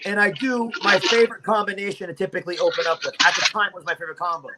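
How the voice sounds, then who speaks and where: A man's voice: sits high, fairly even intonation, rapid-fire, noisy background. A man, telling a profane, swaggering fight story as a livestream guest.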